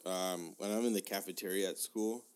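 A man who teaches school, co-hosting a casual chat, rambling and self-deprecating and quick to laugh. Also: low voice, steady tone, darkish tone, clear, resonant tone. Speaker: teacher and podcast co-host.

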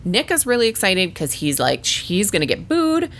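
Animated, exasperated woman recapping TV. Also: mid-range voice, moderate pace. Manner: animated, exasperated, swears freely. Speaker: podcast co-host. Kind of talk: casual reality-TV recap chat.

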